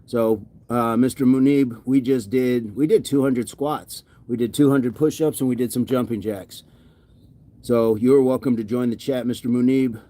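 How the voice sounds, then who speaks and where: A man's voice: mid-range voice, steady tone, moderate pace, dark tone. A man livestreaming a workout, winded and sweaty, reading viewer comments aloud and often repeating himself in casual chat. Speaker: fitness livestreamer.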